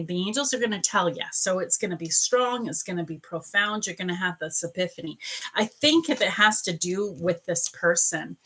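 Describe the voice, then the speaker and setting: A woman's voice: medium pitch, fairly bright tone, low-quality recording. A woman hosting a live stream as a psychic reader, chatting and greeting viewers by name between angel card readings.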